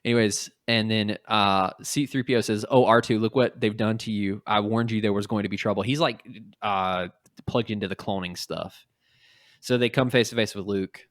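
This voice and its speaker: A man's voice: fairly low pitch, dry recording, clean studio sound. A man hosting a podcast, casually retelling a comic story and acting out the characters' lines. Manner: animated, acts out quotes in quick little voices. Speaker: podcast host.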